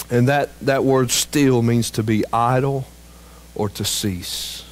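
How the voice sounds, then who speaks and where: A man preaching a sermon as pastor, slow and emphatic, climbing higher and louder at peaks and dropping low and quiet on key phrases. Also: rough recording.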